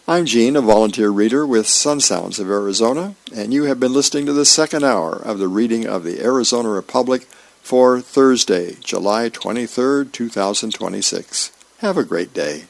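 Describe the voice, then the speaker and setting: A man in a folksy, unhurried way reads the newspaper funnies aloud for a radio reading service. His voice sits low and has a gravelly fry. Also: animated, dry recording. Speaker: volunteer radio reader.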